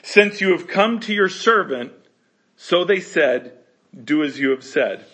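A man's voice: fairly high pitch, animated, a little slow, a bit bright. A man leads a verse-by-verse Bible study. He reads each passage aloud and then talks it over casually. He laughs easily and acts out the characters' lines. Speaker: Bible teacher.

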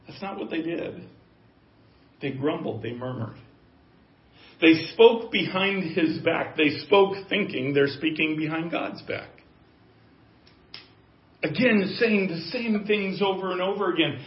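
A man's voice: on the high side, measured pace, pauses often. A male pastor preaching a sermon, emphatic and given to repeating key phrases for weight. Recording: echoey, dull lo-fi room sound.

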